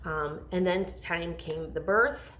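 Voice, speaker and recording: A woman's voice: fairly low pitch, takes it slowly, a bit bright, slight background noise. A woman in her thirties telling her own motherhood story in a candid vlog, rambling and heartfelt, often stopping to restart her thoughts. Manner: rambling, heartfelt, self-interrupting. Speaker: mom vlogger.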